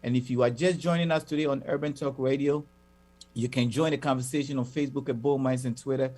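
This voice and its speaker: Male talk radio host, average pitch, easygoing, jokes between plugs. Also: fairly even intonation, fast, a little mellow. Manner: reads station plugs, playful banter. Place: radio studio.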